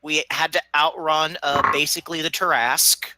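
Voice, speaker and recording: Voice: medium pitch, steady tone, normal speed, very noisy. A player in a casual tabletop game session, talking eagerly and chattily.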